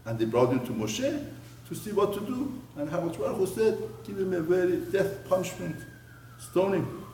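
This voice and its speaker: A male rabbi teaches a spoken Torah lesson, his fairly high voice swinging widely as he tells the story and drops to quiet asides. He is recorded from a distance in a roomy space, with faint ambience behind him. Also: normal speed, a little hiss or hum. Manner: animated storyteller, voice rising and dropping to near murmur.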